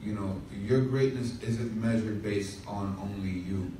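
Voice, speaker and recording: A man's voice: on the low side, measured pace, background noise. A man pastor telling a humorous story in a sermon, with asides to the congregation. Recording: echoey room from far off.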